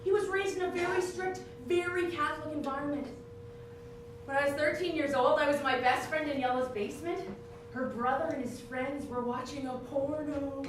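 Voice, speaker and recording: A middle-aged woman doing a solo stand-up show, animated, breaking into song and mock voices. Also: sits high, normal speed, background noise. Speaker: stand-up comedian. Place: theater stage. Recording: distant, echoey stage recording with music.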